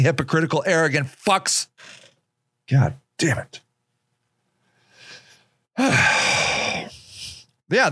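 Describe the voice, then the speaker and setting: A man's voice: on the high side, bright, forceful tone, no echo, studio quality. A man hosting a podcast, delivering a profane, sarcastic monologue rant with mocking put-on voices. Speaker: podcast host. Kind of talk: opinionated monologue.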